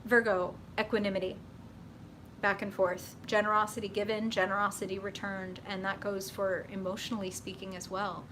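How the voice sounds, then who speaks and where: A woman hosting a live tarot reading stream, chatty and excitable, with lots of fillers and laughter. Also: mid-range voice, moderate pace, noisy background.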